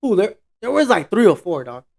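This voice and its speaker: A man's voice: high-pitched, fairly quick, vocal fry, crowd noise. Slangy man spinning a bar story. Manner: animated storyteller acting out quotes, slangy and profane. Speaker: podcast co-host. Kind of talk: casual storytelling chat.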